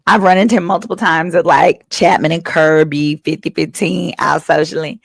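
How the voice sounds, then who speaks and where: Gravelly-voiced woman telling a funny story. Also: on the low side, moderate pace, hardly any pauses, dry recording, clean studio sound. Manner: animated, acts out the other people's lines. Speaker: attorney and host. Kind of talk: casual comedic storytelling. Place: at home, her father's house.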